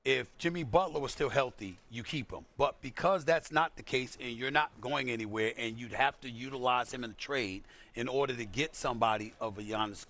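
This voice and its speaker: A man's voice: mid-range voice, fairly quick, a bit bright, faint music behind. A man giving sports opinions in an emphatic, slangy way, stretching words for stress. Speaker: sports commentator.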